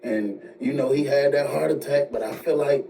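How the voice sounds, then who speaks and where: Man, casual storytelling, dark mellow voice, distant mic, faint hiss. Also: normal speed, gravelly. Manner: animated retelling, jumps high when quoting others. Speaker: storyteller in played video.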